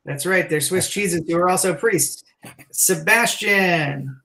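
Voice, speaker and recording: A man co-hosting and directing a live online improv show, talking in quick, upbeat emcee patter over a video call. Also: sits high, bright, forceful tone, poor audio. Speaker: co-host and director of the improv troupe.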